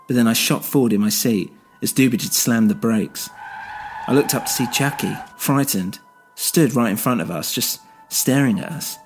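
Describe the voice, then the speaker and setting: A man narrating a first-person story in a steady, measured way. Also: medium pitch, faint music behind.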